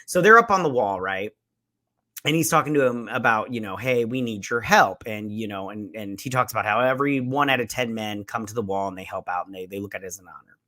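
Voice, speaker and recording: A man's voice: lowish voice, animated, fast talker, bright, forceful tone. A man hosting a show, giving a loose, profane, rambling recap of a TV episode with lots of fillers and restarts. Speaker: show host reviewing a TV episode. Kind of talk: casual rambling recap commentary.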